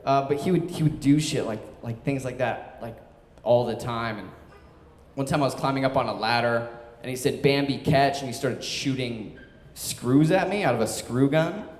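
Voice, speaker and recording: A man's voice: medium pitch, normal speed. Chatty young man storytelling in echoey hall. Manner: loose and chatty, peppered with "like" and laughs. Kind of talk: live stage storytelling.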